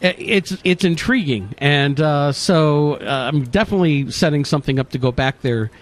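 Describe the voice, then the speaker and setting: A man's voice: a little high, normal speed. A man, a paranormal investigator and co-host, chatting casually on a radio show and telling stories with frequent fillers. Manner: relaxed storytelling with frequent fillers.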